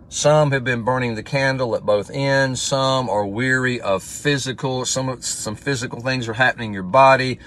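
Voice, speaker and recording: A man's voice: mid-range voice, a bit bright. A man giving a casual livestream devotional as pastor, talking in a conversational way and reading scripture aloud with emphasis.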